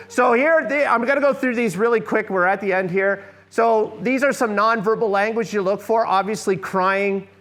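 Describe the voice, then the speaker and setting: A middle-aged man presents a church workshop in a conversational style, frequently putting questions to his audience. His voice is high and slightly bright, and he speaks at a measured pace with barely any pauses.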